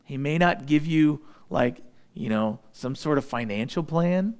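A man delivers a sermon in a fairly high voice. He preaches with animation, acting out other people's voices and sinking into a low, intense hush to make a point. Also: expressive, measured pace, smooth. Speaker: pastor.

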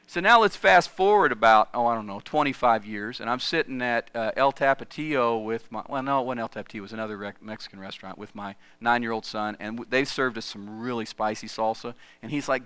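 A middle-aged man delivers a sermon in a chatty, storytelling way. His voice is bright and smooth, recorded close and dry with no room sound. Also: mid-range voice, a little fast, no room sound. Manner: conversational, lively storytelling. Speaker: pastor. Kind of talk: sermon with personal stories.

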